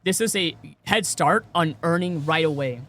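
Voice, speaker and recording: A man's voice: fairly high pitch, normal speed, fairly bright tone. A man streaming and chatting casually with viewers, rambling with many repeated words and fillers. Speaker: game streamer.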